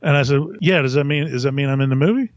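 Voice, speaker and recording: A man's voice: medium pitch, quick pace, no room sound, highs cut off. Rambling, chuckling man telling a story. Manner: rambling, self-mocking, laughs often. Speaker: podcast host telling a story. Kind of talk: casual storytelling.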